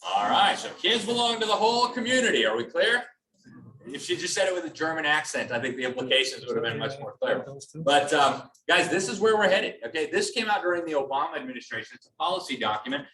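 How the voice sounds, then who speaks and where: A man's voice: on the high side, lively intonation, quick pace, pushed and bright. A man giving a public talk with slides to a live audience, emphatic and sarcastic in tone. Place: hall with an audience. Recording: echoey hall, from a distance.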